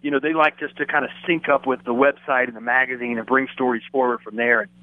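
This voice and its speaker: Man, podcast guest, animated storyteller, tinny phone line. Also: mid-range voice, quick pace, dry recording. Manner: animated storyteller, acts out quotes. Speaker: guest, former wrestling announcer. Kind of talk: casual podcast chat, storytelling.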